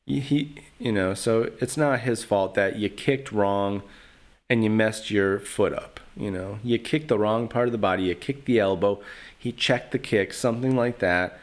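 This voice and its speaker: A man's voice: lowish voice, normal speed. Rambling, trash-talking podcast host man. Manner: rambling, trash-talking, lots of fillers like "you know". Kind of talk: casual solo podcast commentary.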